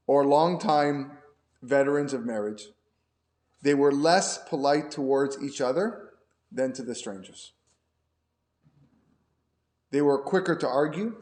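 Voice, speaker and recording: A man's voice: a little high, a little mellow. A man who is a rabbi, giving a conversational lecture class and often repeating his words as he explains. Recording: roomy echo.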